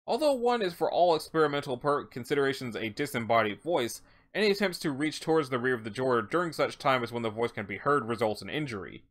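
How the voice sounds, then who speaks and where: Tired reader with a lively voice. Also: mid-range voice. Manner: stumbles over words and wonders aloud. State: tired, yawning. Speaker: let's-read narrator. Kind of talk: reading a wiki entry aloud with casual asides.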